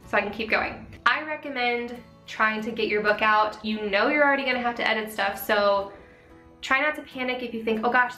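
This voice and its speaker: A young woman vlogger, slightly sick and out of breath, chatting quickly through viewer questions with lots of "like" and "um". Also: fairly high pitch, bright, forceful tone. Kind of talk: casual Q&A vlog. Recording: echoey room, faint music.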